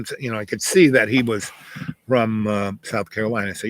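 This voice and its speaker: A man's voice: medium pitch, fairly even intonation, brisk, slight background noise, low-quality recording. A man telling a personal anecdote in a casual, rambling way, full of fillers and asides. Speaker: host telling a personal story.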